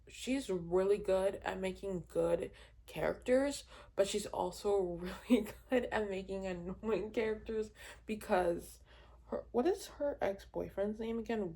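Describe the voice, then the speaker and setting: A woman's voice: medium pitch, creaky, warm tone, slightly rough. A young woman chatting casually as a book vlogger, rambling with many fillers and laughs, and easily exasperated. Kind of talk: casual reading wrap-up chat.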